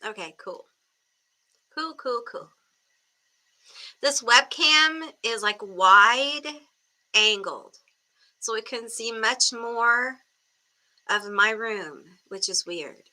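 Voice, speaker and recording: A woman's voice: a little high, lively intonation, extremely slow, pauses often, pushed and bright. A woman hosting a tarot livestream from her room, chatting casually on a webcam and greeting viewers by name. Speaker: tarot reader livestream host.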